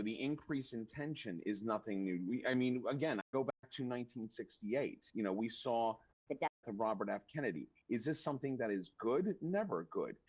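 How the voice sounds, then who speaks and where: A man's voice: medium pitch, slightly rough, dull audio. A man, a policy analyst speaking live from a remote link, hesitant at first with fillers and restarts, then emphatic. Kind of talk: live interview commentary.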